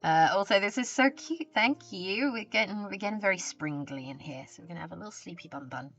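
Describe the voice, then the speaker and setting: A woman's voice: mid-range voice, animated, fairly quick, a bit bright, faint music behind. A woman live streamer chatting casually with her viewers. She greets them and reads their messages aloud, talking into a desk mic with a pop filter.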